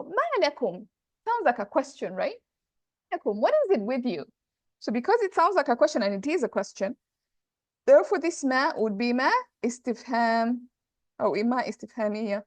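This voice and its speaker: A woman's voice: a little high, big pitch swings, brisk, darkish tone, no room sound. A woman teaching Arabic grammar in an online class, thinking aloud, correcting herself and checking in with her students.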